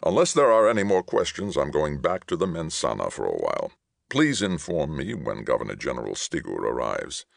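A curt, stern male envoy, voiced by a male reader, firm and clipped. The delivery is gravelly and raised a little above a plain reading voice. The sound is close and dry. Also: a bass voice, wildly swooping pitch, fairly quick, no echo, full character voice. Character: curt, stern man from a distant government.

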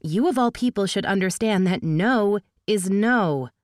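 A woman's voice: mid-range voice, expressive, unhurried, a little mellow, no echo, clean studio sound, pitched above the performer's own voice, natural voice. A woman reading an audiobook voices a fierce, defiant young female elf who protests sharply and firmly. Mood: firm, angry.

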